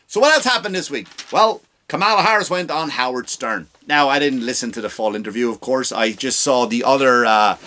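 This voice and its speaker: A man's voice: mid-range voice, sharp tone. Man, comedian podcast host, profane, ranting, rambling, home setup. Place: home recording setup with lights.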